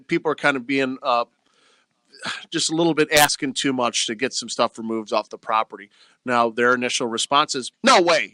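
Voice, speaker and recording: A man's voice: mid-range voice, bright, forceful tone, dry recording. A man, a real estate agent talking emphatically on a radio talk show into a close studio mic. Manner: emphatic, plain-spoken sales talk.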